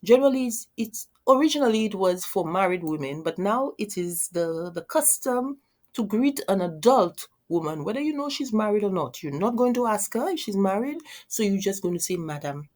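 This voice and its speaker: A woman teaching a beginner French lesson, saying French phrases slowly and repeating them, then explaining each in English. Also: medium pitch, expressive, darkish tone. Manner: repeats words and restarts often. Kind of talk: language lesson.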